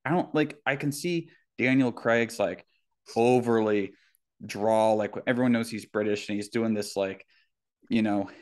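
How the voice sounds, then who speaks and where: A young man from North Florida talking in a casual podcast conversation, halting, with many filler words. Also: fairly low pitch, darkish tone. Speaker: podcast guest or host.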